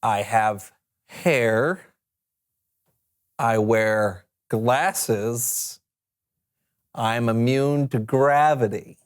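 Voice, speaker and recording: A man's voice: medium pitch, very slow, long pauses. Easygoing man in playful banter. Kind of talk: playful kids' show banter.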